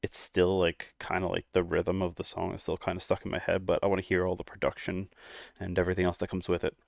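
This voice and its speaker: A man's voice: low-pitched, monotone, fast, vocal fry, dry recording, clean studio sound. A man hosting a music reaction video, talking casually with many hesitations and fillers, a little out of breath. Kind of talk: casual chat.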